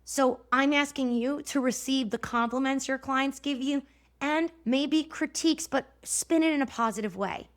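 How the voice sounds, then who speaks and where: High-voiced animated woman podcast host. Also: normal speed. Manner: animated, chatty, addresses listeners directly. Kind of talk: solo motivational talk.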